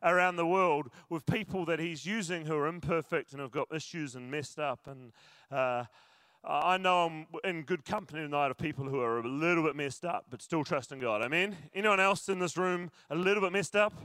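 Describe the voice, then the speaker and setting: A man's voice: a little high, fairly quick, pushed and bright, clear, resonant tone, dry recording. A man preaching a sermon to a church congregation, chatty and joking with the crowd. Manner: jokey, chatty, talks to the crowd. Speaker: pastor.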